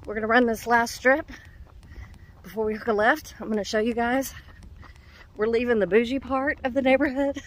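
A woman's voice: on the high side, fairly even intonation, moderate pace, pauses often. A woman chatting casually to her phone camera while walking outdoors on a neighborhood road, a little out of breath. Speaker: vlogger. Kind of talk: casual walking vlog chat. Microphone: handheld phone camera.

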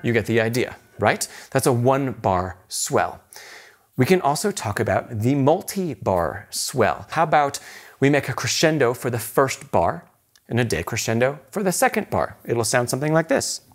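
A man's voice: mid-range voice, big pitch swings, moderate pace. A man teaching an intermediate piano lesson, explaining patiently and encouragingly, often checking in with rhetorical questions.

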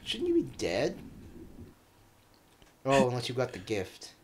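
A man co-hosting a video game playthrough, reacting in an excitable, joking way. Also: medium pitch, unhurried, slight background noise. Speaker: let's play co-host. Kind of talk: casual game commentary. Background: game music.

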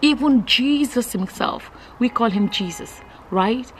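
A woman from Nigeria talking straight to camera in a casual vlog, emphatic and incredulous, often pausing with fillers. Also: fairly high pitch, a little hiss or hum, rough recording. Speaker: vlogger.

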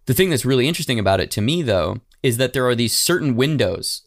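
Casual podcast host, dry close sound. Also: male voice, medium pitch, animated, fast talker, no room sound. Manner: candid, swears freely, many fillers. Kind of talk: casual chat.

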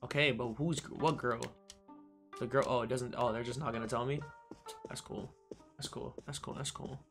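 A man's voice: mid-range voice, fairly even intonation, normal speed, creaky, music in the background. A young man, casually commenting on a video game and reading its dialogue aloud, with frequent swearing. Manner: casual, profane, reads game text aloud. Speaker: streamer.

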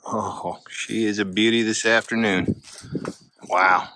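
A man vlogging outdoors on a hunting trip, chatting casually and coaxing his dog along in a fond, high, sing-song voice. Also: fairly even intonation, takes it slowly, noisy background. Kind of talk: casual outdoor vlog narration. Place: outdoors by a river in the wind.

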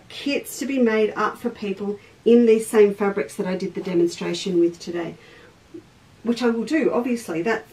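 An Australian woman, a craft teacher and shop host, runs a live sewing demonstration, chatting away and pausing the work to greet viewers. Her medium-pitched, darkish voice is a little off-mic and distant, with faint background noise in a rough recording.

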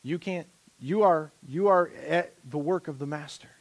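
A man preaching a sermon as pastor, animated and conversational, joking with a volunteer on a church stage. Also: fairly high pitch, normal speed. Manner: animated, rising to loud impassioned preaching.

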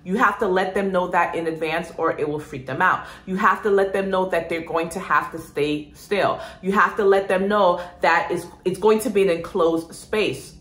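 Lively, bright-voiced woman teaching nurses. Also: on the low side, moderate pace, hardly any pauses, roomy sound. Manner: lively, addresses students as "guys", asks and answers own questions. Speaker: nursing instructor. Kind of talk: energetic exam-prep lecture.

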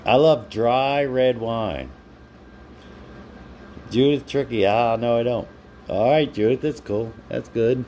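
A man's voice: medium pitch, a little slow, a little mellow, a little hiss or hum. Chatty live-streaming man reading comments. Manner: chatty, laughs often, talks to viewers by name. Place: home.

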